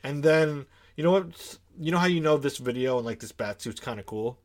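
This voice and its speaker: A young man co-hosting a podcast in casual chat, eager and halting with many restarts. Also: mid-range voice, animated. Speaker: podcast co-host.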